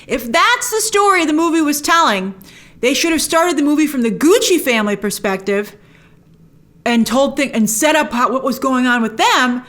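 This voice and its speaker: A woman hosting a spoiler movie review, opinionated and animated, acting out lines she quotes. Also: high-pitched, moderate pace.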